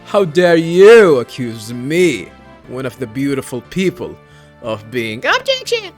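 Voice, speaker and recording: A man's voice: medium pitch, wildly swooping pitch, normal speed, sharp tone, faint music behind, exaggerated voice. A man reading as a haughty, pompous witness. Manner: haughty, dismissive. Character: pompous vain male mayor's aide witness.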